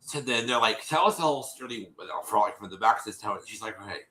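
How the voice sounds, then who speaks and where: A man's voice: on the low side, lively intonation, fast talker, echoey room, background noise. A man hosting a live stream, casually recapping a show in a rambling way, with many restarts and fillers. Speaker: host.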